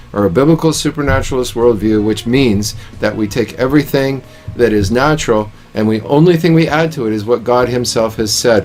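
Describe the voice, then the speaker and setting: Man, co-host, casual chat, earnest, explaining, stammered restarts, mid pitch. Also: a little mellow.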